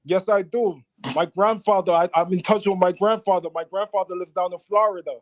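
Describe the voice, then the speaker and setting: Insistent high-voiced New York caller. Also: male voice, steady tone, a little fast, dry recording. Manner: insistent, repetitive, defensive. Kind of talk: call-in argument.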